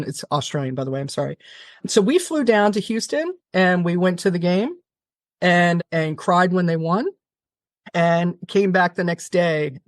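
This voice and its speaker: A woman guest on an interview podcast, telling a long story in an animated, fast-talking way, often restarting her sentences. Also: lowish voice, dry recording, studio quality. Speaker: television producer, guest.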